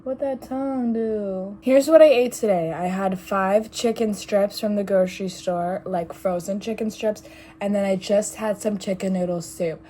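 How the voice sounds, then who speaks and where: A raspy, hoarse young woman just over an illness, rambling sarcastically in a casual vlog filmed in her bedroom. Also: mid-range voice, mellow. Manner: rambling, sarcastic, easily sidetracked. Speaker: vlogger. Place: small bedroom at home.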